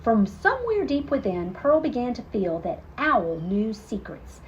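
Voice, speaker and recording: A woman teacher reading a children's picture book aloud, expressive and chatty with asides to young listeners. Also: on the high side, a little slow, highs cut off, slight background noise. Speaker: storytelling teacher.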